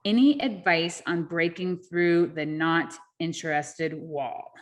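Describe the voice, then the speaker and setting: A woman hosts an online sales forum on a video call, upbeat and encouraging as she reads out questions and thanks her guest in casual meeting talk. Her voice is fairly low, and she speaks slowly.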